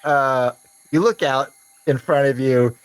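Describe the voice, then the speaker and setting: A man narrating a tabletop game as game master, describing scenes in an unhurried, drawn-out way. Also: medium pitch, fairly even intonation, clear, resonant tone, low-quality recording.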